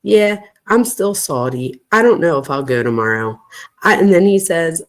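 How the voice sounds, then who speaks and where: Woman true crime host, lowish voice, very animated pitch; reads messages aloud with reactive commentary. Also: normal speed. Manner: animated, reacts with gasps and asides.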